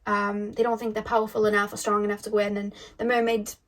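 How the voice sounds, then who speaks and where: Talking fast in a level, medium-pitched voice, a woman who reads tarot tells a spiritual story to camera. She rambles emphatically, full of fillers and restarts.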